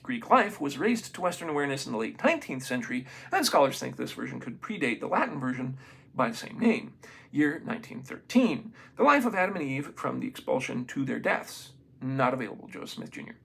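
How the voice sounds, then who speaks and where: A man reading a book aloud in a casual, unprofessional way, stumbling over names and adding excited comments of his own. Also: on the high side, vocal fry, slightly rough. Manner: reads haltingly, stumbles on names, adds excited asides. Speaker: amateur reader of a book.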